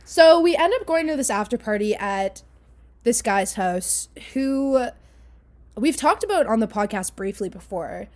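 A woman's voice: fairly high pitch, expressive, measured pace, a little mellow. Chatty young woman podcast co-host. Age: young adult. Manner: chatty storytelling, many "you know" asides. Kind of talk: casual chat.

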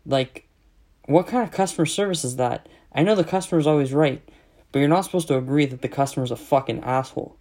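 Man, mid-pitch, sarcastic profane ranter, casual vlog delivery. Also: creaky, a little mellow. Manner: exasperated, sarcastic, heavy swearing.

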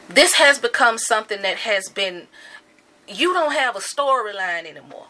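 Woman, bright forceful voice, slightly high; impassioned commentary. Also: lively intonation, moderate pace. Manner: angry, emphatic and repetitive. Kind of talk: impassioned monologue.

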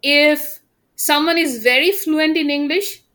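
A woman's voice: sits high, unhurried, a bit bright. A young woman, a native Bengali speaker, chatting on a podcast about her teaching and telling personal stories. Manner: storytelling, quotes others in asides. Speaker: podcast guest, university teacher. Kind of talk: casual podcast chat.

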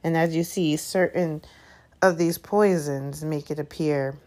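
A woman's voice: deep voice, measured pace, warm tone. A woman doing cold, haughty Mr. Malfoy. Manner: cold, clipped, disdainful. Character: cold, haughty aristocratic wizard father.

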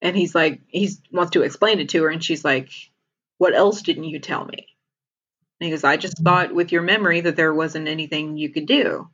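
A woman's voice: low voice, brisk, few pauses, a bit bright, dull audio. A woman casually retelling a TV episode as a podcast co-host, laughing often as she talks.

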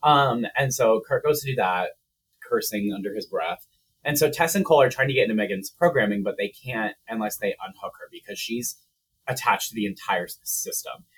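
Brief: male podcast co-host, husky tone, casual profane plot recap. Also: fairly low pitch, lively intonation, a little fast, fairly bright tone. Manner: profane, chatty, lots of "like".

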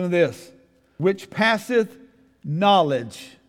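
A middle-aged male pastor preaching a folksy sermon, calling on the congregation to answer and building to loud, emphatic peaks. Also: sits high, animated, normal speed. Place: church. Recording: long reverb of a church hall.

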